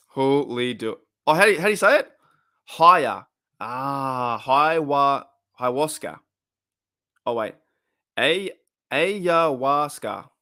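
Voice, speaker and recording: Here's a medium-pitched, sharp-toned Australian man in his thirties hosting a fan stream. He rambles casually with viewers in a relaxed way and frequently says things more than once.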